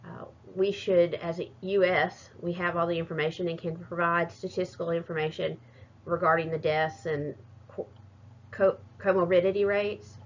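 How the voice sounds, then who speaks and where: A woman's voice: fairly low pitch, level tone, moderate pace, a little hiss or hum. Hesitant woman presenting. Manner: hesitant, many fillers and restarts. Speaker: student presenter. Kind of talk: recorded class presentation. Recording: muffled lo-fi recording.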